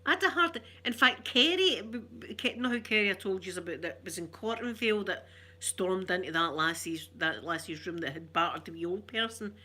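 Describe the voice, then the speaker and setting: A woman with a Glaswegian Scottish accent chatting casually, a rambling storyteller who laughs often and slips into soft asides. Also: mid-range voice, lively intonation, brisk. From Glasgow, Scotland. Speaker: ASMR vlogger. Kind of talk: casual chat.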